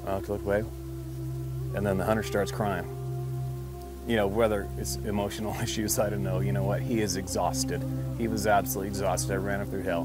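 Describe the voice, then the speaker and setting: Animated, swearing hunting guide telling a story. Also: male voice, fairly low pitch. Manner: animated, swears freely, laughs at his own story. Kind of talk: casual storytelling.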